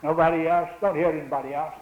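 A man's voice: fairly high pitch, steady tone, quick pace. A man preaching a sermon, building to emphatic rises and repeating his phrases for effect. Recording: muffled roomy old church recording.

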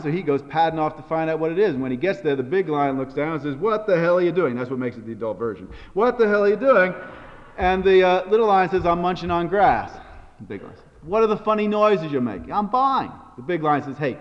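A man with a fairly high voice delivers a sermon, moving into storytelling with a lively, expressive style. His voice rings out in a large hall with a long reverb, and the sound is dull and muffled. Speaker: preacher.

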